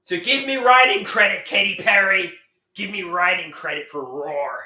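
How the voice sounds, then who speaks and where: A man hosting a live stream, rambling and singing improvised songs in a loud, crude, self-mocking way. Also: sits high, moderate pace. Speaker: livestream host. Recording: roomy echo.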